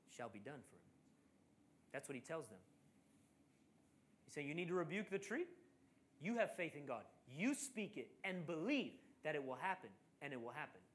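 With a slightly high voice, a preacher tells a Bible story during his sermon. He delivers it with animation, acting out each character's voice.

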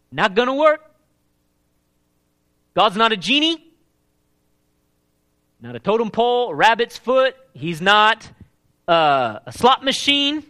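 Animated, high-voiced male preacher. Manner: animated, emphatic, asks the congregation questions. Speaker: pastor. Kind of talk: live sermon.

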